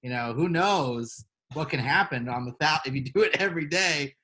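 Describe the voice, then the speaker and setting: Higher-voiced rambling podcast guy. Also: moderate pace, bright, forceful tone. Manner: rambling, heavy on fillers. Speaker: podcast co-host. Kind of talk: casual chat.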